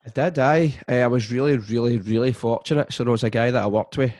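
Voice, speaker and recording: A man chatting casually on a podcast, telling stories in a steady way with frequent restarts. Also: medium pitch, fast talker, dry recording, clean studio sound. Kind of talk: casual chat.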